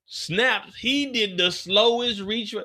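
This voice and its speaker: A man hosts a live after show, casually recapping an episode and acting out the characters' lines like an animated storyteller. His voice is high-pitched and slow.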